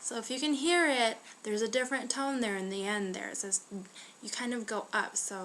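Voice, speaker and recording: A young American woman giving a casual beginner language lesson, chatty and friendly, slowing down to sound out each word. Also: mid-range voice, a bit bright, slight background noise. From United States. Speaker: language teacher.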